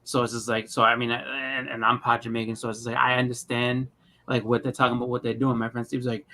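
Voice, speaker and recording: A man's voice: mid-range voice, flat delivery, fast, pushed and bright. A middle-aged man telling rambling stories in casual chat, often repeating words and acting out what people said. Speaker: podcast co-host.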